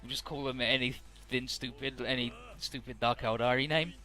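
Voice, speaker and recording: A man's voice: mid-range voice, fairly even intonation, normal speed, pushed and bright, faint music behind. A man giving rambling, casual gameplay commentary, paraphrasing the characters and swearing freely. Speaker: let's play commentator.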